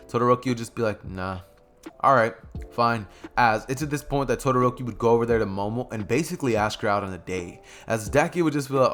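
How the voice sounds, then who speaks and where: A man narrating a fan what-if story in a casual, loose, slangy way, full of fillers and asides. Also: mid-range voice.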